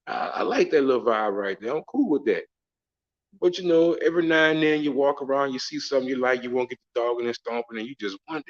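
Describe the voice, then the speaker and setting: Middle-aged man, slangy and profane, casual monologue, average pitch, dull recording. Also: animated, fairly quick. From Southern United States. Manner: profane, slangy, laughing storyteller. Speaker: travel vlogger.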